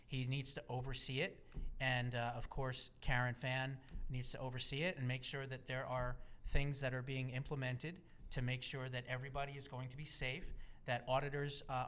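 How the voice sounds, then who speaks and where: A man's voice: medium pitch, fairly bright tone. A man with a mid-range voice talks as a guest on a radio discussion show. He presses his points hard and insistently, and he scatters filler uhs between his phrases.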